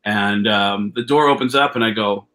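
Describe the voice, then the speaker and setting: A man telling a long, rambling story with lots of restarts and cursing. He keeps jumping up in pitch to act out what people said. The sound comes over a video call. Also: moderate pace. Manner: animated storyteller, acts out quotes with raised voice; profane, rambling with many restarts. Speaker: comedian guest. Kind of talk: storytelling anecdote.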